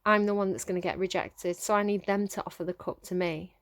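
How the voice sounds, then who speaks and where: A woman's voice: fairly low pitch, steady tone, brisk, dry recording. A woman giving a casual tarot reading straight to her viewers, earnest and coaxing, laughing often between points. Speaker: tarot reader.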